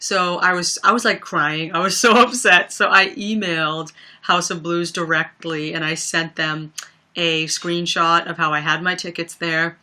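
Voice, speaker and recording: A woman's voice: on the low side, steady tone, a little slow, bright, forceful tone. A young woman chatting casually on a livestream, telling stories with lots of fillers and laughs. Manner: chatty storyteller, many fillers, laughs often. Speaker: livestream host. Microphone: webcam or phone mic.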